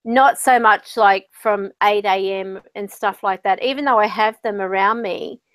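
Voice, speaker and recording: A woman's voice: medium pitch, measured pace, clear, resonant tone, no room sound. A woman host and spiritual medium chatting casually, telling stories and acting out what others said. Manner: chatty, storytelling with quoted voices. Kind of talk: casual conversation.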